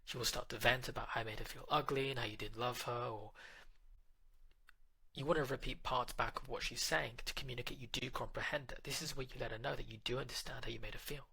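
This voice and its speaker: Gravelly man giving direct relationship advice. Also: mid-range voice, steady tone, fast, bright, forceful tone, rough recording. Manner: direct, instructive, addresses the listener. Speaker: relationship coach.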